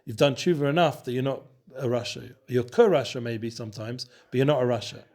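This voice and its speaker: Fast-talking man teaching Torah study. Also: medium pitch. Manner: fast, loose and animated, with many restarts; mixes Hebrew and Yiddish terms into the talk. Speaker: Torah teacher and show host. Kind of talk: casual study session.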